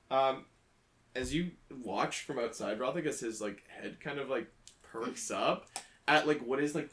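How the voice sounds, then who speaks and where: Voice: medium pitch, fairly bright tone, slight background noise. A game master casually narrating a tabletop game, rambling with many "like" fillers.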